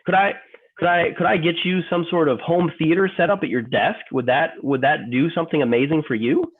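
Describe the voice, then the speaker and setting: A man's voice: fairly high pitch, fairly quick, breathy edge. A man playing an emotional office worker in a training role-play, stammering, repeating himself and apologizing over and over. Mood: grateful. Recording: tinny phone-like line.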